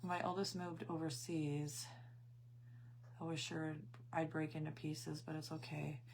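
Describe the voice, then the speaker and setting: A woman's voice: deep voice, level tone, unhurried, creaky, darkish tone, slight background noise. A middle-aged woman hosting a craft channel, chatting casually on a live stream and telling rambling family stories. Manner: greets viewers mid-story.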